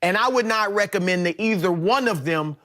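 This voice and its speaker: A man with a high-pitched voice makes his case on a studio sports debate show. He is middle-aged and methodical, building his argument point by point. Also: lively intonation, sharp tone. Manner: measured, explanatory, with frequent restarts.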